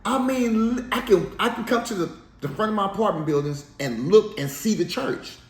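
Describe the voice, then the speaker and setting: A man telling his life story in a casual interview, animated and slangy, laughing as he goes. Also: high voice, normal speed. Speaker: interview guest. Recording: echoey room, faint background noise.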